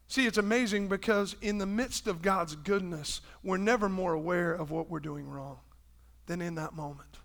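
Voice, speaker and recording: A male pastor preaching a sermon with passion, shifting between loud, shouted lines and hushed, quiet ones, and acting out quoted voices as he goes. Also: high voice, normal speed. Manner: impassioned, swings from loud preaching to hushed tones. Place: church.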